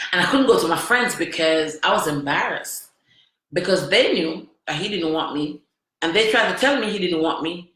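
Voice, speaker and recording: A woman's voice: on the low side, fairly bright tone. Woman telling a candid story, echoey room. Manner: emphatic, repeats phrases, asks the listener questions. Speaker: vlogger.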